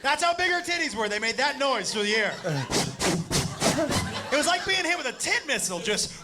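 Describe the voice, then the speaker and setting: A man performing stand-up storytelling, animated and profane, acting out the voices of the people in his tale. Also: extremely high pitch, a little fast, over loud music. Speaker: stand-up comedian. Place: comedy stage before a live audience. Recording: live stand-up with loud audience laughter and noise.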